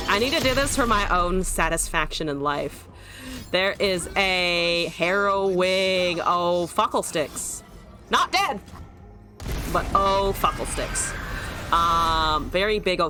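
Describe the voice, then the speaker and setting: Her voice sits on the low side and comes out pushed and bright as this young woman plays a card game live on stream. Chatting loosely and addressing her opponent, she swears and laughs frequently.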